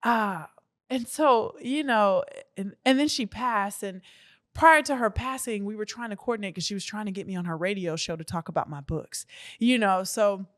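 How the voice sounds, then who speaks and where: A woman's voice: medium pitch, normal speed, no room sound, studio quality. A woman in her thirties from Texas, a guest author talking casually and earnestly, with flowing sentences and a faith-filled way of speaking. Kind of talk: casual interview talk.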